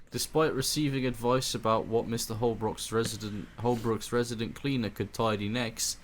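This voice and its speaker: A man's voice: medium pitch, fairly even intonation, normal speed, hardly any pauses. Man, podcast co-host, reads articles aloud, swears a lot, faint hiss behind. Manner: swears freely, laughs often. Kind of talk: casual chat, reading a news article aloud.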